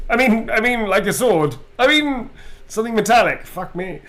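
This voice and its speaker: A man's voice: sits high, lively intonation, moderate pace, a bit bright, a little hiss or hum. A man signing autographs on a livestream, chatting in a playful, easygoing way and laughing easily. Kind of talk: casual live chat.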